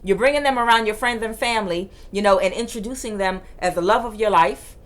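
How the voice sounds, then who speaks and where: A woman reading tarot cards in a forceful, emphatic way that can sound like yelling, repeating her phrases for emphasis. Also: medium pitch, a little fast. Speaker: tarot reader.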